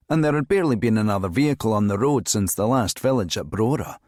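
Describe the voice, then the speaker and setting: A man reading a crime thriller audiobook in a measured, even voice that sits on the low side. He is close to the mic in a dry studio with no reverb. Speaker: audiobook narrator. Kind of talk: scripted narration.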